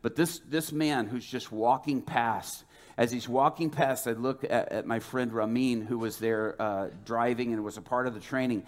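A man preaching, telling a testimony as a lively storyteller who acts out the dialogue. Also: mid-range voice, moderate pace. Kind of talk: sermon testimony.

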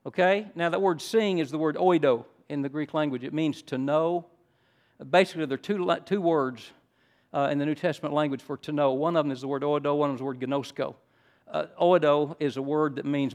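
Older preacher with a slightly high voice. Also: male voice, steady tone, brisk. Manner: teaching, building to loud emphatic stresses. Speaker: pastor. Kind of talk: sermon.

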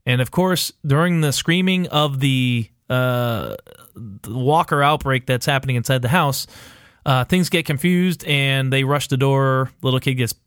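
Male podcast co-host, mid-pitch, rambling and profane, dry close mic. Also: unhurried, fairly bright tone, smooth, no echo. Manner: rambling, profane, full of fillers and quoted asides. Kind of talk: casual TV recap chat.

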